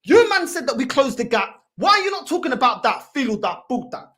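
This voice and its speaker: A high, wildly swinging woman's voice tears into a heated reaction rant. She shouts and swears in exasperated, slangy bursts. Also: very animated, fairly quick. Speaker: fan channel host reacting to videos.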